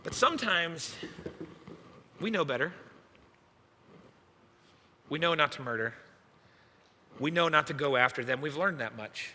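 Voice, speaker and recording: A young male youth pastor delivers a sermon through a self-mocking personal story. His voice is slightly high and strikingly bright and forceful. It carries the long reverb of a church hall. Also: unhurried, long pauses, a little hiss or hum. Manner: animated, self-mocking storyteller acting out his own past lines.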